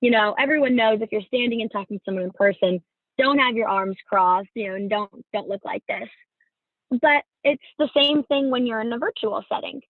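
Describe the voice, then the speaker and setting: A woman's voice: fairly high pitch, fairly quick, dry recording. A woman from California giving upbeat career advice in a virtual workshop over a video call, with plenty of fillers. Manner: upbeat, instructive, many fillers. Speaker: career fair presenter. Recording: dry tinny video-call audio.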